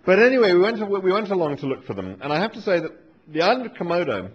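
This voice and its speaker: A man, giving a humorous live talk on stage with dry, wry, deadpan asides. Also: high-pitched, fast talker. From England. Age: 40s. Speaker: author giving a live reading. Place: lecture hall with an audience. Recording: dull lo-fi live recording with faint noise.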